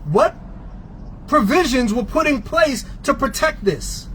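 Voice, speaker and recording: A man's voice: very high voice, big pitch swings, takes it slowly, fairly bright tone, slight background noise, low-quality recording. A man from New York, a transit union member, delivering a fiery, sarcastic rant full of rhetorical questions. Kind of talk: impassioned rant.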